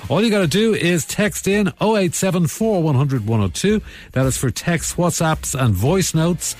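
Upbeat Irish breakfast radio host. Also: male voice, fairly high pitch. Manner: bouncy, playful, laughs easily.

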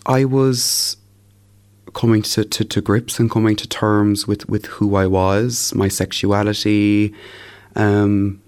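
A young man speaks in an interview, measured and reflective. His voice is very deep and stays flat, with little rise or fall. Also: clean tone. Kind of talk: reflective personal account.

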